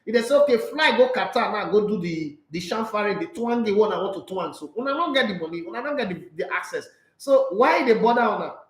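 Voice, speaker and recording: A Nigerian man hosting a casual sports live stream, reading out viewer comments and answering in a blunt, animated way, slipping into Pidgin. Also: sits high, fast talker, hardly any pauses, reverberant, low-quality recording.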